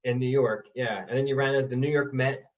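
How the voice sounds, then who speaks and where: A man's voice: medium pitch, fairly even intonation, brisk, distant mic, highs cut off. A man hosting a casual interview, asking conversational follow-up questions. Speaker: podcast host.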